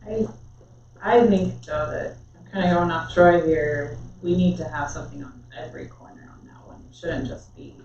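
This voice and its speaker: Hesitant man, fairly high voice, echoey room. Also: fairly even intonation, gravelly. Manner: hesitant, measured, trails off softly. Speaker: council member. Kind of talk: council meeting debate. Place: council chamber. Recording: far-off mic, echoey room, dull sound, faint hiss.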